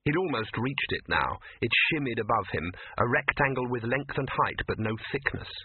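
A man reading a story aloud in a steady, measured narration. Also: medium pitch, a little hiss or hum. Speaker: audiobook narrator. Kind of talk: scripted narration. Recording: tinny phone-band audio.

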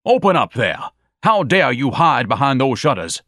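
A man voicing a pompous, bulky young man who sings archaic verse theatrically and shouts in outrage. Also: mid-range voice, big pitch swings, moderate pace, dry recording, clean studio sound, voice pushed up. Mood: outraged.

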